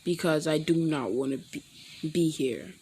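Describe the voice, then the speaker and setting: A woman voicing a young man back from the void, speaking with stiff politeness and a quiet, saddened manner. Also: a little high, measured pace, a little hiss or hum. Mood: subdued, sad.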